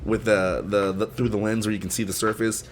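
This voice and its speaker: A man's voice: fairly low pitch, little pitch movement, fairly quick, a little hiss or hum. A man co-hosting a casual podcast chat, explaining things at length with lots of fillers. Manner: rambling explainer, many fillers. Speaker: podcast co-host.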